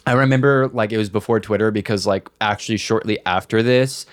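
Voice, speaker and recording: A young man, co-host of a podcast, telling a story in casual chat, animated and swearing, acting out the voices of the people in it. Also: lowish voice, brisk, dry recording, clean studio sound. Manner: animated, swearing, acts out voices in his stories.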